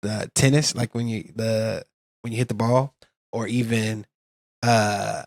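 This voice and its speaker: A man's voice: fairly low pitch, steady tone, a little slow, vocal fry. A man co-hosting a music reaction, talking it over casually and thoughtfully with many fillers. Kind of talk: casual music review chat.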